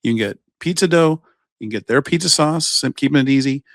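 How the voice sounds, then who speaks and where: A man with a medium-pitched, brisk voice and vocal fry co-hosts a podcast in a studio, with no room sound. He tells a rambling story in casual chat, swearing plenty along the way.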